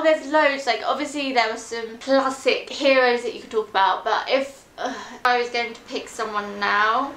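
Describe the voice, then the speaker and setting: A chatty woman talks through a vlog tag, laughing at herself now and then. Her voice sits fairly high. The room around her has a noticeable echo. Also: sharp tone. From England. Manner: chatty and self-deprecating, giggly asides. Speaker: fashion vlogger. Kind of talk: casual vlog chat.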